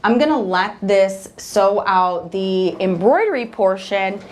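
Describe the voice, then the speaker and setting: This woman's voice is pitched fairly low, with a little hiss or hum in the recording. Running a live embroidery stream, she works at her machine while chatting casually and cheerfully with viewers in a relaxed demo style.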